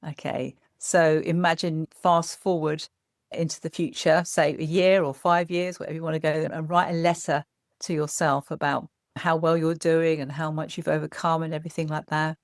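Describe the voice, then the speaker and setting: Woman therapist, slightly gravelly, dry close mic, gentle explainer. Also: deep voice, little pitch movement, normal speed, no room sound. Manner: gentle, explanatory, frequent "as well". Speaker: psychotherapist guest. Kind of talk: podcast conversation giving practical tips.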